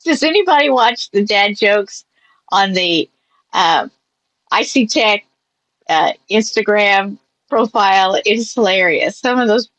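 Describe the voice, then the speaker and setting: A woman's voice: a little high, a bit bright, dry recording, poor audio. A woman co-hosting a casual podcast, giggly and easily amused. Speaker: podcast co-host.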